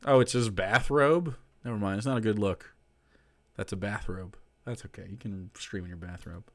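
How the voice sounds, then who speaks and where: A man's voice: fairly low pitch, normal speed. Sarcastic young man streamer. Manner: sarcastic, mocking, talks over clips. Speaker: streamer reacting to clips. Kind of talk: casual stream commentary.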